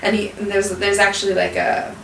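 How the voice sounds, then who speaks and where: Young woman telling an animated story. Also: medium pitch, fairly quick, creaky, a little hiss or hum. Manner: animated, lots of "like" fillers, acts out quotes. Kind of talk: casual storytelling. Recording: echoey room, mic at a distance.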